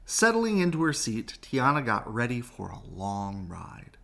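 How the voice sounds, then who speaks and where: A man reads a children's picture book aloud at an unhurried pace. His voice climbs and dips in a lively sing-song. He sounds like a bedtime story reader. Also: mid-range voice, creaky. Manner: slow, expressive, sing-song rises and falls.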